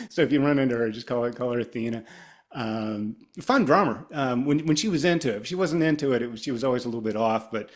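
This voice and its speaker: A fast-talking middle-aged guest guitarist from Ohio loosely recounts memories in a casual storytelling interview. With a voice at a typical middle pitch for a man, he hops from aside to aside and breaks into animated impressions of those he quotes.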